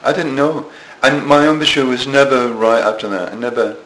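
Speaking at normal speed in a mid-range, fairly bright voice, a Scotsman in his 70s tells stories against himself in an interview. He restarts frequently, and the recording has echo and a faint hum of noise.

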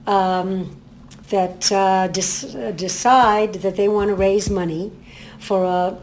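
A woman's voice: mid-range voice, slow pace, a little hiss or hum. An older woman, a community theater actress, talking through a show in a casual interview with lots of restarts. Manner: rambling, many restarts, animated storytelling.

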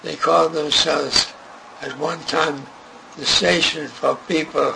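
An older man being interviewed, recalling his past in a slow, halting way with many pauses. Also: on the high side, steady tone, creaky, sharp tone. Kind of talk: oral history interview. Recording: noisy recording with clicks.

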